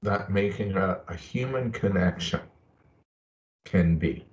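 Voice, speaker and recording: Slow-spoken man in a dull webinar recording. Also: deep voice, a little mellow. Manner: earnest, personal storytelling. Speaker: presenter. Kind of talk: webinar talk. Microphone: video call.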